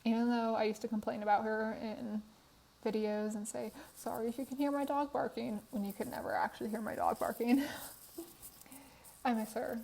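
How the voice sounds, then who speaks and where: Recorded on her phone in her apartment room, this Sims speed build creator, a tired young woman with a worn voice, chats casually about a game build and laughs often. Her voice is on the high side and a little mellow, with lively intonation, vocal fry, and normal speed. The recording quality is low.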